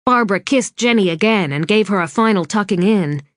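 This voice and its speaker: A woman narrating a suspense novel in a measured, even scripted reading. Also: medium pitch, dry recording. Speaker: audiobook narrator. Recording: dry studio read.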